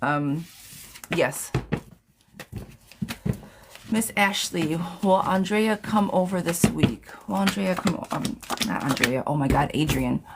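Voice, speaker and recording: A woman's voice: on the low side, slow pace, vocal fry, long pauses, heavy background noise. Blunt, chatty woman reading tarot live. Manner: chatty, blunt, reads questions aloud and repeats them. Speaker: tarot reader answering viewer questions. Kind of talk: casual live-stream chat.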